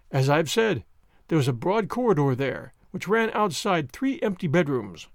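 A man narrating a classic story as an audiobook, in a measured, expressive way. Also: fairly high pitch, no room sound, studio quality.

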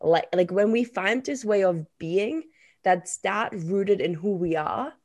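A woman's voice: mid-range voice, animated, slow pace, darkish tone. Enthusiastic, emphatic woman host. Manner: enthusiastic, emphatic, swears casually. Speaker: podcast host. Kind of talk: casual conversation.

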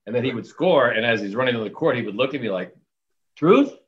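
A man who works as an arena announcer, telling stories in a casual interview with animated quoted voices and frequent laughter. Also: medium pitch, very fast, highs cut off. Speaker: arena public address announcer.

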